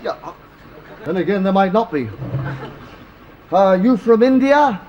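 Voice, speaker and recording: A man's voice: high-pitched, expressive, measured pace, dull audio, a little hiss or hum. An actor playing a blunt factory manager who hesitates between his remarks.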